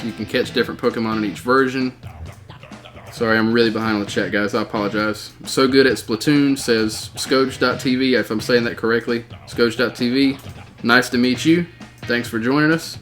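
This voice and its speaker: A male gaming streamer commenting live on a match, his voice at an ordinary mid-range pitch. He talks casually and excitedly, shouts out game callouts, and reads chat messages aloud. Faint game music runs underneath. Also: a little fast.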